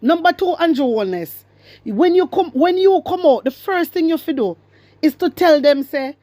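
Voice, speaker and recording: A woman's voice: high-pitched, expressive, normal speed, warm tone, dry recording. A woman with a Jamaican accent giving emphatic, repetitive political commentary to her viewers, mixing in patois. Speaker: commentary vlogger.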